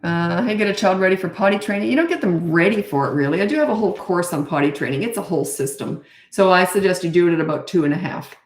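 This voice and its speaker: A woman's voice: lowish voice, expressive, fast talker, hardly any pauses. A middle-aged woman who is a parenting coach, giving blunt, confident advice on a casual live stream. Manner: blunt, confident, acts out quoted dialogue. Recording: echoey room.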